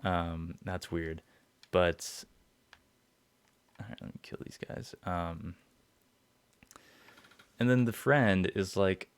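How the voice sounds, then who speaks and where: A man's voice: sits low, takes it slowly, long pauses, clear, resonant tone. A young man hosting a podcast, rambling through an episode recap with lots of fillers, swearing and chuckles. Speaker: podcast host.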